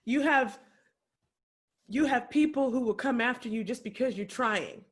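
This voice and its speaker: A woman's voice: a little high, measured pace. A woman giving an impassioned, preacher-like keynote speech, repeating phrases for emphasis, tearful at times. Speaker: keynote speaker. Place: home, remote video address.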